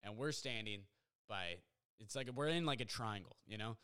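A man's voice: lowish voice, normal speed, smooth. Rambling young man telling a story. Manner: rambling, filler-heavy, excitable retelling. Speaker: podcast host. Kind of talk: casual storytelling monologue. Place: apartment at home.

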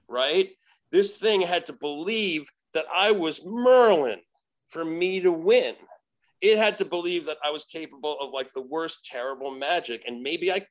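A man, a shaman guest on a podcast, telling a story in casual chat, animated and profane. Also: a little high. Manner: animated, profane, acts out quoted dialogue.

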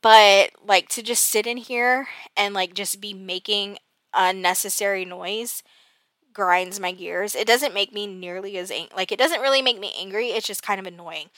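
Speaking at a moderate pace in a medium-pitched, slightly bright voice, a woman talks casually on her personal podcast, and there's no echo. She's exasperated, keeps laughing at herself, and leans heavily on fillers.

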